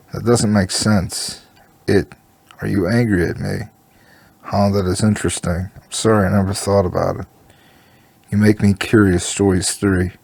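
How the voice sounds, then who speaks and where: A man reads a story aloud in a low voice with a rough, gravelly texture and a husky edge. He voices every part in the same plain tone. The sound is close and dry, with no room behind it. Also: a little mellow, no echo. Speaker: story reader.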